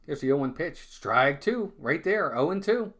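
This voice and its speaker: A man's voice: on the high side, sing-song, moderate pace, fairly bright tone. A man calling live baseball play-by-play in a casual, chatty way, often repeating words and talking to his viewers. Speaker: fan play-by-play streamer.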